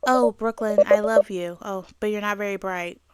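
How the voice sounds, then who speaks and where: A woman voicing an obsessed male stalker boyfriend from a game, talking quietly, gently and unsettlingly. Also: mid-range voice, fairly even intonation, moderate pace, slight background noise, lightly acted. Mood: eerie calm.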